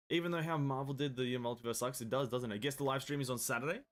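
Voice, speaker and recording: A young man chats loosely to his live-stream audience while he plays. He rambles from one joke to the next and reads viewer comments aloud, his pitch sitting in an ordinary middle range. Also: fast. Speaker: game streamer. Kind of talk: casual live-stream chat.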